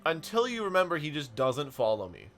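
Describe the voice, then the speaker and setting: A young man streaming a game, telling stories in an animated way and chatting to his viewers. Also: a little high, soft background music. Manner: animated storytelling, quick asides to chat. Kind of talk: casual stream commentary while playing.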